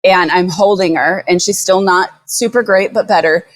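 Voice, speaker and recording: A woman who runs a dog rescue, telling a story as a podcast guest in an animated, blunt way, swearing freely. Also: on the low side, moderate pace.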